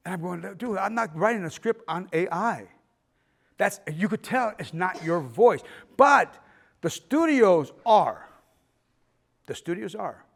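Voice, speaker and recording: Animated man telling film-business stories. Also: high-pitched, normal speed, vocal fry. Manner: animated storytelling with acted quotes, swears. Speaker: filmmaker giving a talk. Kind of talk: festival workshop talk. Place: arts center auditorium.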